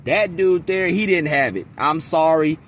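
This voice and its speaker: A man giving a casual movie reaction, ranting in a profane, animated, rambling way. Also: a little high, a little slow, slight background noise. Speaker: movie reviewer.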